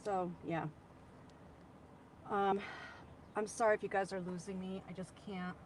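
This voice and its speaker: A woman's voice: mid-range voice, level tone, a little slow, slight background noise, low-quality recording. A woman chatting casually on a live stream from her parked car, rambling and retelling her conversations. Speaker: livestreamer reporting on scene. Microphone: phone.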